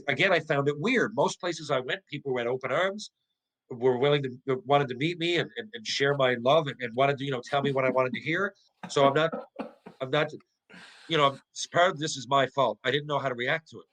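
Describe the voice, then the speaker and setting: A middle-aged man, a former pro hockey player and podcast guest, tells stories in casual conversation. He is animated and profane, restarts often and asks rhetorical questions. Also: mid-range voice, fairly quick, rough recording.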